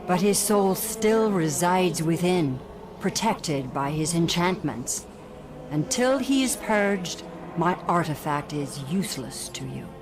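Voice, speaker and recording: An actress voicing a regal Daedric goddess who speaks slowly, solemnly and formally in a video game. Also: female voice, fairly low pitch, expressive, over music. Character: regal female Daedric goddess, calm and commanding.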